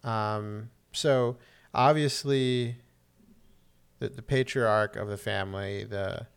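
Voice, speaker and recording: A man's voice: fairly low pitch, fairly even intonation, takes it slowly, clean tone. A man chatting casually as a podcast co-host, recapping a TV episode with lots of ums and restarts. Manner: rambling, many "um"s and restarts, acts out quotes.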